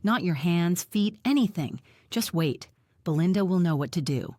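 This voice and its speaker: A woman's voice: lowish voice, expressive, moderate pace, a little mellow, no echo, clean studio sound. A woman reading an audiobook, voicing an anxious young adult daughter who urgently tells her hurt mother not to move. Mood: worried. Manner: urgent, worried, bossy. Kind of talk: audiobook character voice.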